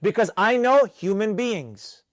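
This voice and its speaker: A man teaching a live mentorship class on trading, talking in an animated, preachy way and repeating himself for emphasis, with students in the room. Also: high voice, unhurried, no room sound.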